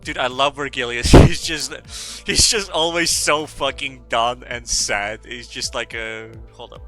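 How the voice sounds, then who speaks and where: A man's voice: mid-range voice, measured pace, a bit bright, faint music behind. A young man streaming live, chatting casually in a rambling, profane and self-mocking way.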